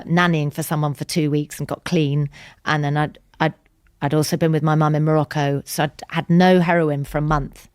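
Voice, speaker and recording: Low-voiced woman telling her story frankly. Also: darkish tone, dry recording, clean studio sound. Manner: frank and emotional, swears freely, quick restarts. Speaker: podcast guest. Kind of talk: candid personal storytelling. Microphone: studio podcast mic.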